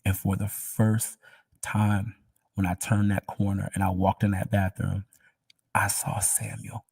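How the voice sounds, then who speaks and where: Husky, low-voiced man giving a quiet testimony. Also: flat delivery, dry recording, distant mic. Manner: emotional, halting, drops to a near whisper. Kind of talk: personal faith testimony.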